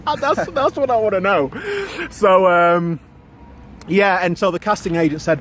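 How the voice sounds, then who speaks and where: A man presenting a YouTube vlog, chatting in a park, jokey and quick to laugh. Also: sits high, fairly bright tone, a little hiss or hum. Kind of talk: casual vlog chat. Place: outdoors in an urban park.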